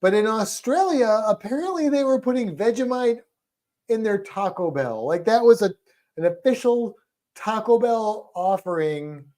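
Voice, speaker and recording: Chatty man with a mellow voice. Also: high-pitched, lively intonation, normal speed. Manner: chatty and playful, rambling asides; stumbles over hard names. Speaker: podcast co-host. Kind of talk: casual livestream chat.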